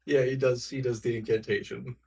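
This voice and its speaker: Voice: medium pitch, flat delivery, fairly quick, vocal fry, darkish tone, far from the mic. A player in a tabletop role-playing game, chatting casually about what their character does.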